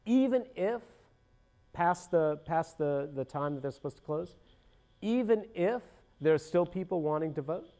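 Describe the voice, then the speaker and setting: A middle-aged man talks through local politics in a loose, rambling way. His voice is mellow and warm, and his pitch swings widely as he gets worked up. He keeps stopping partway through sentences and starting over. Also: unhurried. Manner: rambling, animated, self-interrupting with many restarts. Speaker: podcast host. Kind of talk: casual political commentary.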